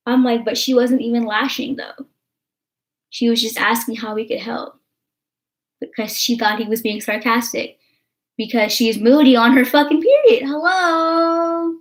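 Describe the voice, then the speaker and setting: Young american girl venting on her vlog, tons of "like", cusses a lot. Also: on the high side. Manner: rambling, heavy swearing, filler-laden. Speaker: vlogger. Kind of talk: casual chat.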